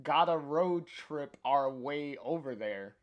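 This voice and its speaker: A man reading out a brash woman band member who talks in mock pirate slang, in his own slow voice. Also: a little high, animated. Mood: teasing.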